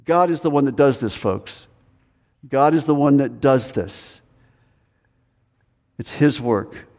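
A man preaching a sermon as pastor, earnest and full of rhetorical questions, his voice rising high when he plays a reluctant believer. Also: lively intonation, slow pace, darkish tone. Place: church sanctuary. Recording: long hall reverb.

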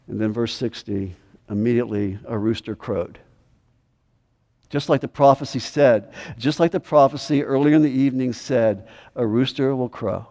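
Man preaching with emphatic rises and falls. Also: on the low side. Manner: emphatic, drops to quiet intensity. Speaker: pastor. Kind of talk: expository sermon. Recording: long hall reverb.

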